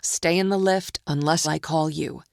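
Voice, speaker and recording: A woman's voice: sits low, steady tone, normal speed, creaky, no room sound, clean studio sound. A woman doing a strained, anxious heroine. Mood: tense. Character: tense woman, former actress, losing control.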